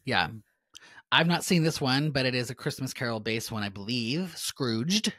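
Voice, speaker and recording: A woman's voice: a bass voice, animated, normal speed, fairly bright tone, no echo. A woman co-hosting a podcast, reading out a list of movies and giving dry, understated reactions in casual chat. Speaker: podcast co-host.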